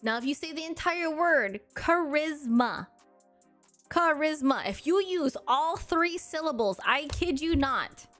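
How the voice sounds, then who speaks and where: A woman in her thirties chats with her stream viewers in a high, bright voice. She is blunt, sassy and crude, and laughs often. Soft music plays under her talk. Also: animated, unhurried, few pauses. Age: 30s. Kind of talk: casual chat to chat readers.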